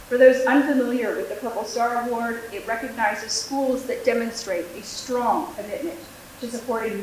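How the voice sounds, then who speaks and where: Woman projecting her teacher voice in an echoey hall. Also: on the high side. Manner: projecting teacher voice without a microphone. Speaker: military school liaison. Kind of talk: prepared public address. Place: school board meeting room. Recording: very echoey room, faint hiss.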